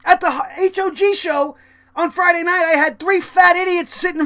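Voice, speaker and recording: A man's voice: extremely high pitch, fairly even intonation, fairly quick, sharp tone. A man reviewing a wrestling show in a profane vlog rant, swearing constantly and getting angry.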